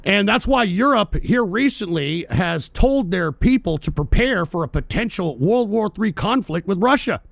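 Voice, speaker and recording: A man's voice: high-pitched, lively intonation, moderate pace, creaky, hardly any pauses, no room sound. A man from the United States hosting a radio show, delivering a heated, profane political rant and repeating himself.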